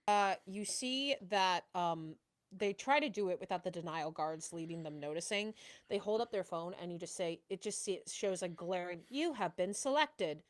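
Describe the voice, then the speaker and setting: A woman narrating as game master for a tabletop role-playing game, animated and quick to laugh, with lots of fillers. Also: on the low side.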